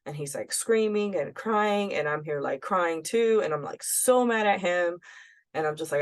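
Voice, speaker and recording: A woman's voice: lowish voice, unhurried. A woman co-hosting a podcast, telling a personal story in a candid, blunt way and often quoting herself. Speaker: podcast co-host.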